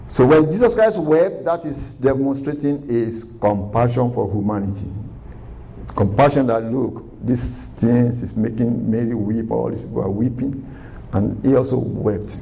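A man's voice: a little high, gravelly, warm tone, poor audio. A man preaching a sermon, earnest and repeating phrases for emphasis.

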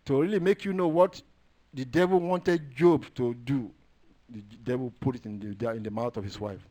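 A man preaching a sermon, quoting and reading scripture, moving between hushed low asides and loud raised declarations and drawing out words for stress. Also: normal speed.

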